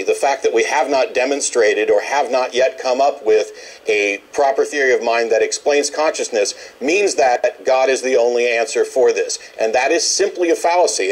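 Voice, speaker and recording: A man's voice: mid-range voice, rough recording. A man hosting a radio call-in show, arguing bluntly and lecturing a caller. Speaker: radio talk show host. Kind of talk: call-in debate.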